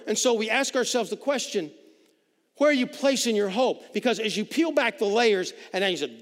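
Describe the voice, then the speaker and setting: A man preaching a sermon as pastor, swinging between loud emphatic lines and hushed quiet ones. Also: high voice, animated, normal speed, long pauses. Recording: reverberant hall.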